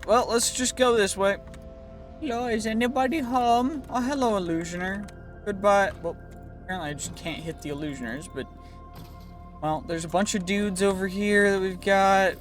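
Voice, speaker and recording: A man's voice: high voice, a bit bright. Playful young man narrating a game. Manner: rambling, playful, with goofy put-on phrasing. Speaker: gaming video creator. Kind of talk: casual Minecraft let's-play commentary.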